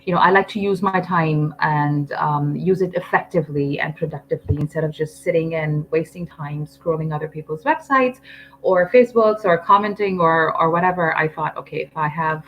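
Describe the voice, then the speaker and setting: A woman's voice: low voice, moderate pace, highs cut off, a little hiss or hum. A woman teaching English on a live stream, chatty and firm, reading out viewer comments with lots of ums.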